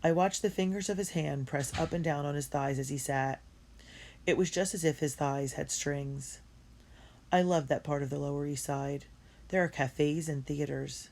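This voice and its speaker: Gravelly-voiced woman reading a diary. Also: deep voice, fairly even intonation, normal speed, a little mellow. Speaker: audiobook reader. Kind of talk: first-person diary reading.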